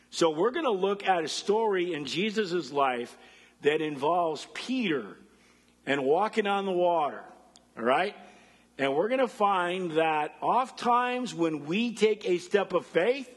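A man giving a sermon as a pastor, animated, acting out voices of the people he quotes. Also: high-pitched, husky, long reverb tail.

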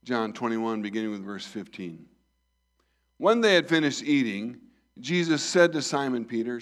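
A man's voice: medium pitch, lively intonation, normal speed. Man preaching a sermon. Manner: reads scripture and acts out the dialogue, swells and drops in volume.

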